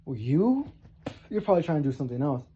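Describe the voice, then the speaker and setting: A man's voice: fairly high pitch, big pitch swings, fast talker, dark tone, slight background noise. Profane rambling man, lo-fi bedroom monologue. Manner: rambling, profane, swears heavily. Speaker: vlogger. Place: bedroom, seated on bed.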